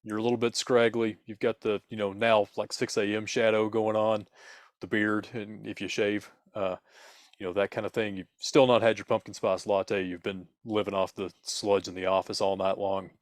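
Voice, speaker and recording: A man tells a spooky story in the second person, playful and dramatic, with fillers. His voice sits low. The recording is dry and close. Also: flat delivery, normal speed, no room sound. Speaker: podcast co-host telling a story.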